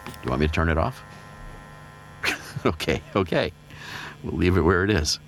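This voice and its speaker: A man narrating an intimate erotic audio role-play in a low, teasing voice that often slips into a whisper. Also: fairly quick, gravelly, fairly bright tone, a little hiss or hum, poor audio.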